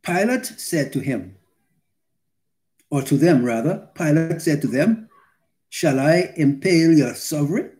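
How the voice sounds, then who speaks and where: Male preacher, fairly high voice, very slow and weighty delivery, emphatic scripture reading. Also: lively intonation, dark tone. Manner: slow, deliberate and emphatic, with pauses between phrases; reads scripture aloud and rereads for emphasis. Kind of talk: sermon.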